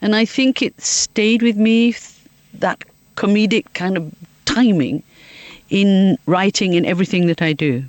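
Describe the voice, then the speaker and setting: A woman's voice: medium pitch, a little slow, a little mellow, no room sound, highs cut off. A woman from Liverpool, a guest in an interview, telling comic anecdotes and laughing often as she talks. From Liverpool, England. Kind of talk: anecdotal storytelling.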